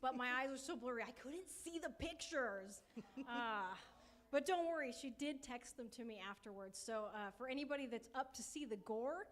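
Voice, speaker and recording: Young adult woman, conference speaker; slightly high, laughs easily, casual and wry. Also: normal speed. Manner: light, joking, laughs as she talks. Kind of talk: personal testimony talk.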